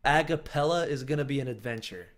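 A man's voice: medium pitch, fast. A man hosting a comedic commentary video, mocking and sarcastic as he reacts to clips. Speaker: YouTube commentary host.

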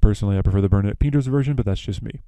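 A man's voice: on the low side, very fast, dark tone, no echo. A young man hosting a podcast, casually retelling a plot with lots of fillers and self-corrections. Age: young adult. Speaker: podcast host.

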